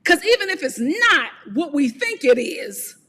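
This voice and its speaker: Blunt, sassy high-voiced woman. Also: sing-song, a little slow, fairly bright tone, big-room sound. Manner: blunt, sassy, laughs often. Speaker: reality TV reviewer. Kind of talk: live commentary review.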